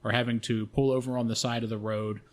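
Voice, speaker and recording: A man co-hosting a podcast, telling a story in a casual, profane and animated way. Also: medium pitch, fast. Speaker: podcast co-host.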